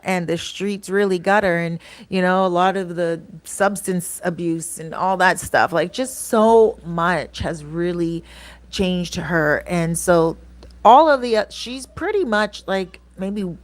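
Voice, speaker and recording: A woman who hosts a vlog channel tells stories in a chatty, rambling way, acting out what people said and using frequent fillers like "um" and "you know." Her voice is on the low side, and the recording is dry.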